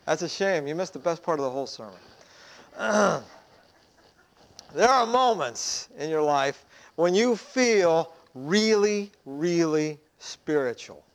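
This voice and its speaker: A man's voice: on the high side, lively intonation, takes it slowly. A man, a pastor, preaching a sermon in a conversational way, asking rhetorical questions.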